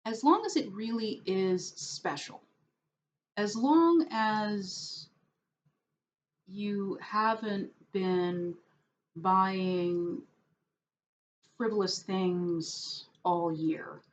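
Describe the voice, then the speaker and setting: A New York woman vlogs in a slow, casual, rambling monologue, her medium-pitched voice full of fillers, restarts, and hesitation. Her humor is wry and self-deprecatingly sarcastic, and the lo-fi audio sounds dull with faint background noise.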